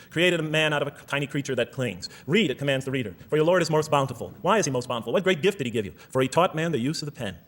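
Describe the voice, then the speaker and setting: A man's voice: a little high, fairly bright tone. A man giving a lecture to a live audience, reading verses aloud and posing rhetorical questions.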